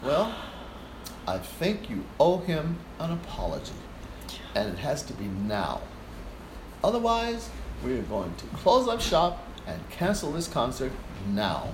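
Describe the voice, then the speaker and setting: A soft-spoken, gentle man scolds in slow, even words, as a man impersonates him while telling a story. His hushed voice rises and falls as he speaks. The room around him rings with echo. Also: a little high, noisy background. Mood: firm. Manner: slow, measured reproach. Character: gentle calm man, quietly stern.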